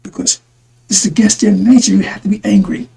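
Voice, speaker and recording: A man's voice: high voice, fast talker, vocal fry, dark tone, poor audio. A man giving a rambling religious talk to his listeners, repeating himself and calling them brothers and sisters. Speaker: religious broadcaster.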